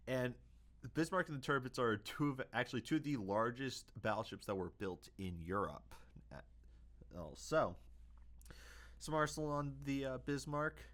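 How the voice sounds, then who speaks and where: A man's voice: mid-range voice, animated, measured pace, pauses often, fairly bright tone. A young man hosting a casual history video, hesitant, with many fillers and self-corrections.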